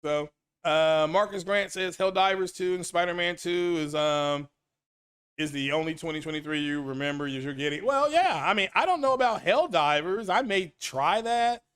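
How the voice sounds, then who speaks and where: Animated high-voiced man ranting about games. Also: normal speed, smooth. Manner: animated, rambling, repeats himself, reads chat names aloud. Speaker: gaming commentary host. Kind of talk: casual solo stream commentary.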